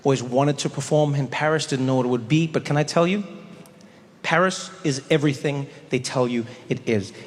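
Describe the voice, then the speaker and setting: A man performing a stand-up comedy set, telling stories in an animated way with sudden exaggerated voices. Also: mid-range voice, a little fast. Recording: long hall reverb, faint noise.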